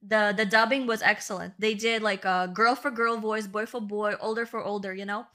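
A woman's voice: medium pitch, fairly even intonation, normal speed, bright, forceful tone. A woman from Uzbekistan co-hosting a comedy podcast, talking bluntly and with a lot of swearing. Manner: blunt, profane, teasing. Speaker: podcast co-host. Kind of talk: casual comedy chat.

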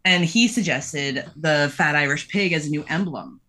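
A woman guest on a podcast, chatting casually. She hesitates and fills her speech with small words while making earnest suggestions. Her voice is bright and forward. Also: low voice, moderate pace. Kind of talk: casual chat.

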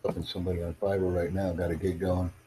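A man's voice: low-pitched, little pitch movement, quick pace, warm tone, slight background noise, low-quality recording. A man hosting his own livestream podcast, chatting casually with callers in a rambling, repetitive, self-promoting way. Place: in the United States.

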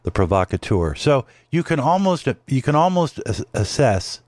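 A male podcast host with a mid-range, sing-song voice and darkish tone talks at a moderate pace, recorded in studio quality with no echo. His casual political commentary is a rambling, opinionated monologue with lots of fillers and restarts.

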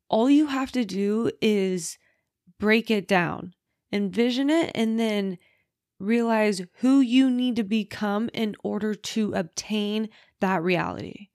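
A woman's voice: medium pitch, darkish tone, no echo, clean studio sound. A woman hosting her own podcast, talking casually and candidly, with the odd swear word, from bed at home. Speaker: podcast host. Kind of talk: casual solo podcast chat.

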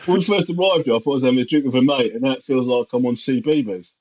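A man's voice: mid-range voice, racing, a little mellow, close to an everyday voice. Man playing a defensive gym lad. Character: short stocky gym-going lad, defensive. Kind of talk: comedic improvised role-play. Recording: slightly dull lo-fi sound.

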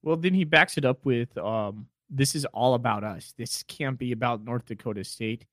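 A man's voice: medium pitch, normal speed, a bit bright, dry recording. Laid back guy on a sports podcast, mid voice, dry. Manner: easygoing, thinks aloud with fillers. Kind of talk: casual sports chat.

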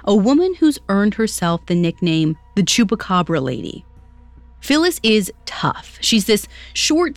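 A woman's voice: medium pitch, dry recording. A woman hosting a podcast, telling a story in scripted narration with conversational, lightly wry asides. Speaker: podcast host.

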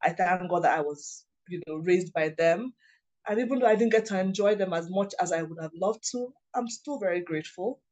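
A woman's voice: on the low side, brisk, darkish tone. A woman, a lawyer and writing coach, telling heartfelt personal stories in an earnest way, full of "you know" fillers and restarts. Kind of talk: reflective personal storytelling.

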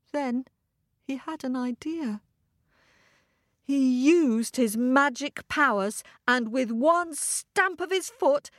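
Woman, children's story narration, expressive, gentle, very slow, dry close sound. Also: high-pitched, no room sound. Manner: expressive, gentle, addresses young listeners.

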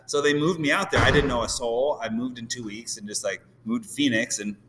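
A man's voice: mid-range voice, fairly even intonation, brisk, a loud crowd. A middle-aged man from Illinois, chatting casually as a podcast guest, rambling with lots of restarts. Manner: rambling, restarts often, laughs easily. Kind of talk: casual chat. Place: event venue room. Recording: distant mic with hall echo and faint noise.

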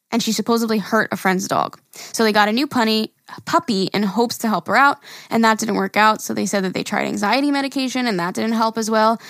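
A woman's voice: a little high, gravelly, a bit bright, dry recording, clean studio sound. A woman co-hosting a casual podcast, reading listener emails aloud in a chatty, giggly way.

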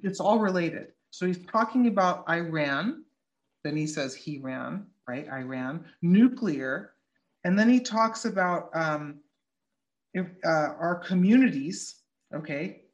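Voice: mid-range voice, lively intonation, slow, lo-fi sound. A podcast host in casual political talk, blunt and swearing freely, working through a speech line by line.

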